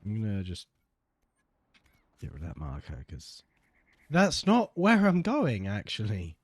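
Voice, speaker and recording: A man's voice: lowish voice, wildly swooping pitch, unhurried, breathy edge, dry recording. A man giving laid-back let's play commentary, muttering to himself with dry asides. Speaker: gamer.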